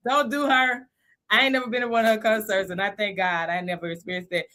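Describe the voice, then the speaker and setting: A lively woman hosts a casual live stream, talking to her viewers in a chatty, animated way. Her voice sits a little high and sounds bright and forward. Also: a little slow, long pauses. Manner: animated, chatty, laughs often.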